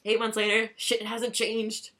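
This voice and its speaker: A young woman vlogging in casual chat, profane and chatty, rising into excited high bursts. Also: a little slow.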